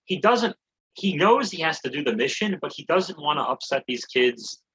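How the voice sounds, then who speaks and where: A man's voice: a little high, very animated, normal speed, fairly bright tone, muffled recording, a little hiss or hum. A man co-hosting a comedy podcast, recapping a movie in a rambling, joking way with some swearing. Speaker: podcast co-host. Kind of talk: casual comedy podcast chat.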